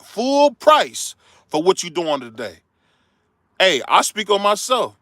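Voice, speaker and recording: A man's voice: high-pitched, sing-song, slow pace, pushed and bright, no room sound, studio quality. A middle-aged man, hosting a heated, preachy opinion rant that turns confrontational. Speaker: commentary show host.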